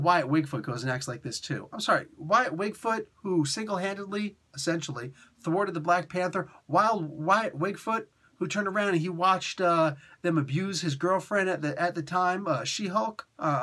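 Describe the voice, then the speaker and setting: A man's voice: high-pitched, lively intonation, moderate pace, bright, forceful tone, slightly rough. Chatty man reviewing comics. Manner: rambling, chatty, full of fillers and restarts. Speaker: comic book reviewer and host. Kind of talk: casual comic review monologue.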